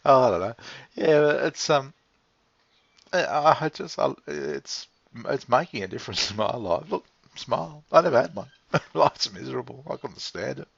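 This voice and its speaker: Gravelly Australian man, rambling. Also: mid-range voice, animated, normal speed, dry recording. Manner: laughs often, swears, meandering with restarts. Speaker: vlog host. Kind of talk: rambling casual chat. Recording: dull lo-fi recording.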